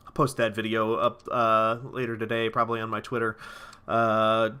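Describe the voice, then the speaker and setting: A man's voice: on the low side, completely flat delivery, normal speed, bright, forceful tone, smooth. A man streaming a video game, chatting casually with rambling, profane enthusiasm. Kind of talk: casual gameplay commentary.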